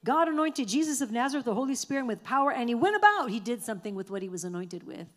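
A woman's voice: a little high, big pitch swings, fast. A woman preaching a fervent sermon in a church, repeating lines for the congregation to say back.

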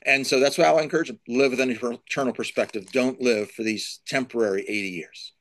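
A man's voice: medium pitch, fairly even intonation, a little fast, fairly bright tone. A middle-aged man, a Christian author and speaker, answering interview questions in an emphatic, preaching style, repeating key phrases and building lists.

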